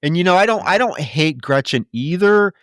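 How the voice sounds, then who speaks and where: A man co-hosting a podcast, recapping a movie plot in casual chat, animated and swearing. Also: high voice, normal speed, no echo, studio quality. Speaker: podcast co-host.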